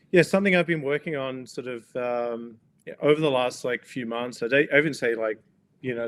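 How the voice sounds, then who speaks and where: Male guest, Australian accent, relaxed and a little hesitant. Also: medium pitch. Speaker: guest, company co-founder. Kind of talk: casual interview chat.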